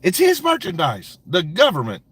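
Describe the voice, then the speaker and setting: Brash, profane livestreamer with a higher voice. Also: male voice, wildly swooping pitch, moderate pace, fairly bright tone. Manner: profane, mocking, laughs often. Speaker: livestream host. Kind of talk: casual livestream rant.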